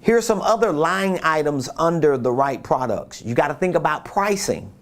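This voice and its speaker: Male business coach, conversational and repetitive, voice sitting a touch high. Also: lively intonation, normal speed. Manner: conversational, repeats points, rhetorical questions. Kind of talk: casual coaching talk.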